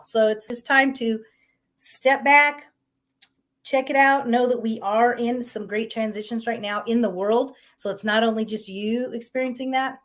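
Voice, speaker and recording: A middle-aged woman hosts a live inspirational talk show. She speaks in an upbeat, gently encouraging and conversational way, greeting her viewers warmly. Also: a little high, steady tone, measured pace. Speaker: host.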